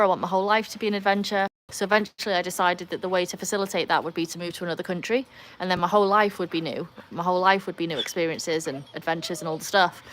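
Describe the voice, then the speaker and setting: A woman's voice: lowish voice, a bit bright. Chatty British woman hosting a livestream. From United Kingdom. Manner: chatty and upbeat, rambling, quick asides to her dogs. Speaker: livestream host. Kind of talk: casual livestream chat, reading viewer comments aloud. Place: at home with her dogs.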